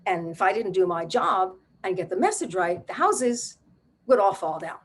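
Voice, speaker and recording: An older woman, a playwright and solo performer, tells a family story on stage in a wry, animated, conversational style. Her husky, mid-range voice moves at a moderate pace.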